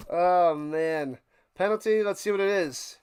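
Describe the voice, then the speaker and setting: A man's voice: high-pitched, a little mellow, smooth. A man hosting a live stream, calling American football play by play with joking, rambling asides. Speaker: play-by-play commentator and stream host. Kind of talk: casual live sports commentary.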